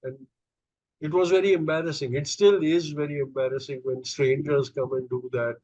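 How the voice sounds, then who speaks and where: Man, middle-aged, unhurried storytelling with lots of ums, dry muffled sound. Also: fairly high pitch, steady tone, a little mellow, no room sound. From India. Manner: hesitant, many fillers and restarts. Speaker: podcast guest. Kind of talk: conversational storytelling.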